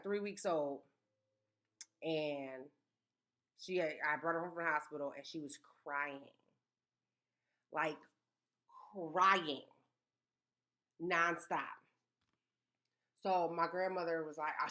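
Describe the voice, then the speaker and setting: A woman in a casual, story-filled chat. Her voice sits a little low, and she is animated and emphatic, stacking repeated words to drive her point home. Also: unhurried, pauses often. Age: 30s.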